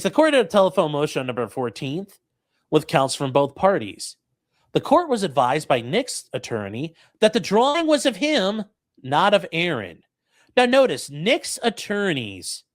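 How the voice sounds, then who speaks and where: Reading court records to his chat, this lawyer-host picks apart the case with sweary, sarcastic rants. His voice sits on the high side with a fairly bright tone, captured in a dry, clean studio recording.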